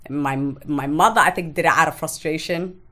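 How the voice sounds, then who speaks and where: A woman's voice: deep voice, normal speed, a bit bright. A woman, a podcast guest recounting her own life frankly and bluntly, swearing freely. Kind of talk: candid personal testimony in conversation.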